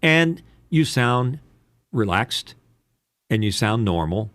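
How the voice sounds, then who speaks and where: A man's voice: medium pitch, very animated, slow pace, a bit bright, dry recording. A man hosting a broadcasting podcast, giving rambling, digressive advice full of ums and uhs. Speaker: podcast host. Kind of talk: casual advice chat.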